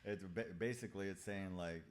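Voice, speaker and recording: A man with a very low, deep voice talks through his own story on a podcast, frank and confessional. He stops and restarts often and swears freely. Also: a little fast. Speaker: podcast guest. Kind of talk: candid conversational storytelling.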